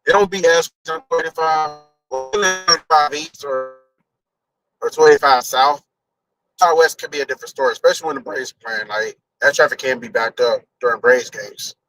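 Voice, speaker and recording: A man's voice: on the high side, moderate pace, a bit bright, faint music behind, low-quality recording. A man chatting loosely on a live stream while driving, rambling and swearing casually as he thinks aloud. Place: in a car on a highway.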